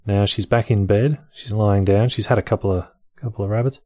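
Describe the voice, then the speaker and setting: Male host reading articles aloud with wry offhand jokes; deep, dark voice recorded dry and close. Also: steady tone, fairly quick, no room sound. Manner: dry, wry, mildly profane commentary. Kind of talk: casual reading with offhand comedic asides.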